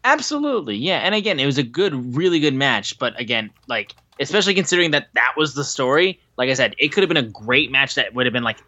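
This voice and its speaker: A man co-hosting a podcast in casual chat, animated and swearing freely as he recaps shows. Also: medium pitch, fast talker, few pauses, no room sound, highs cut off. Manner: animated, swearing, acts out quotes. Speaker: podcast co-host.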